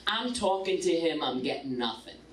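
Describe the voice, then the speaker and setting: A woman's voice: low voice, sing-song, normal speed, roomy sound, far from the mic, slight background noise, rough recording. A middle-aged woman doing a stand-up comedy set, brash and profane, landing punchlines.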